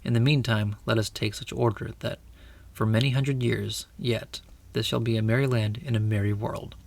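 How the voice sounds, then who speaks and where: A man doing a kingly storybook lion with a grave, measured, commanding delivery. The voice is gravelly and sits a little lower than his narration. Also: fairly even intonation, a little mellow. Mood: solemn. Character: great male lion, solemn and kingly.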